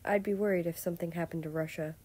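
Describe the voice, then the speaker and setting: A woman voicing a nonchalant, teasing young nobleman with a relaxed, smirking way of speaking. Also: fairly low pitch, fast, lightly acted.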